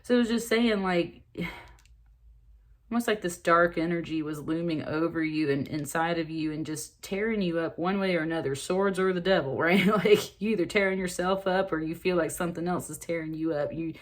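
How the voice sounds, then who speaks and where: A woman giving a casual spoken tarot reading, chatty and excitable, full of fillers and asides. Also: lowish voice, moderate pace. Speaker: tarot reader.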